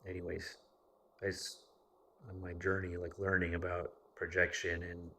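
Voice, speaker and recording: A man's voice: low-pitched, monotone, normal speed, bright, forceful tone, a little hiss or hum. A man from the United States telling a personal story in a casual, rambling monologue, swearing often. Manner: profane and rambling, with frequent fillers. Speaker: vlogger.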